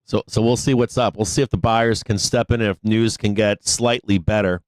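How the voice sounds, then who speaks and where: A man's voice: on the low side, moderate pace, few pauses, smooth, dry recording. A man hosting a live stock market show, ranting casually and profanely about trading with frequent laughs.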